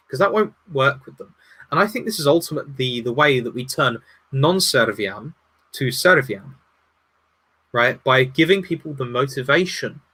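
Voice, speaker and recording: A man's voice: medium pitch, husky. A man who is a guest on a casual livestream discussion, talking earnestly and handing out advice. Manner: earnest, advising, animated.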